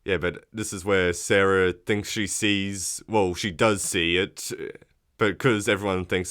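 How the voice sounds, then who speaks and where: A man's voice: low-pitched, steady tone, measured pace, a bit bright, clean tone. A man co-hosting a casual podcast who walks through film scenes and acts out quotes along the way. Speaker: podcast co-host. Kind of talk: casual chat.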